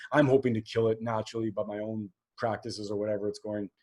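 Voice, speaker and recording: A man in his forties hosts a solo podcast, speaking candidly and rambling with plenty of fillers and restarts. His voice sits on the low side with a darkish tone, moving little in pitch as he talks fast.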